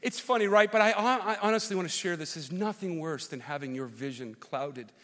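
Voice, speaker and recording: A man preaching as pastor, telling an animated personal story that swings from loud rants to quiet, earnest reflection. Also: high-pitched, a little fast. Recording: long hall reverb.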